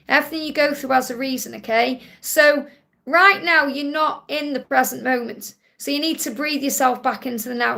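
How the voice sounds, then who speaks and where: A woman's voice: high-pitched, creaky, a bit bright. A woman with a Stoke-on-Trent accent hosts a live question-and-answer stream as a spiritual reader, speaking in a soothing, reassuring way and often checking in with "okay?". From England.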